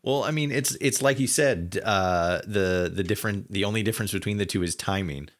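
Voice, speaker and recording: Low-voiced podcast host, rambling. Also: male voice, fairly quick. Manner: rambling, lots of filler words. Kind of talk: casual podcast chat.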